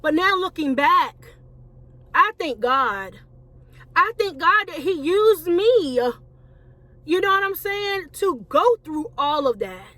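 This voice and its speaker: A woman's voice: extremely high pitch, big pitch swings, takes it slowly, pushed and bright, no echo. A woman, a Christian life coach and author, telling her personal story to viewers in a conversational way, calling them y'all.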